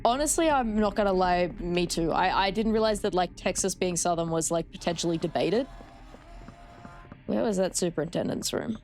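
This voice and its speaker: A woman's voice: fairly low pitch, normal speed, a little mellow. A young Australian woman casually chatting with her chat while she plays a horror game, swearing freely. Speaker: streamer. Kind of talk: casual gameplay commentary.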